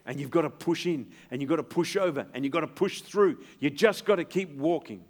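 A middle-aged man, a pastor, preaching a sermon in an earnest, emphatic way and dropping to a hushed tone to reassure. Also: fairly high pitch, lively intonation, a little fast, few pauses.

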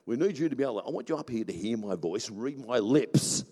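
A preacher voicing a calm, commanding male deity who speaks confidingly to a leader. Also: mid-range voice, quick pace. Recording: long hall reverb.

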